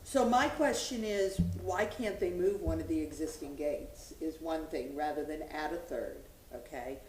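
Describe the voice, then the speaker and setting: In a city meeting room, a woman on the board delivers public meeting remarks, firmly setting out her questions and holding off interruptions. Her deep voice is unhurried, and the reverberant, poor-quality audio carries a slight hiss or hum.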